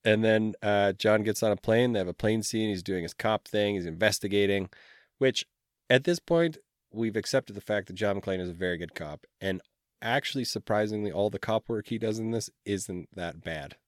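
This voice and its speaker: A man with a low, deep voice talks through a movie plot in a casual, meandering way. He laughs easily and lets his sentences trail off. The sound is close and dry, with no room around it. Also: normal speed, no room sound. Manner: laid-back, laughs often, trails off. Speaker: podcast co-host. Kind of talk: casual movie recap chat.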